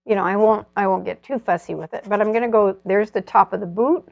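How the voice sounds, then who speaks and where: A woman's voice: medium pitch, fast talker, vocal fry, darkish tone, no echo, dull audio. A woman demonstrating an oil painting step by step, chatting and thinking aloud as she works. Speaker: painting instructor.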